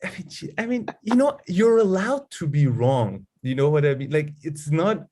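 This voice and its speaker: A man co-hosting a casual political debate chat, relaxed and quick, with many "you know"s. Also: on the high side. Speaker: podcast co-host.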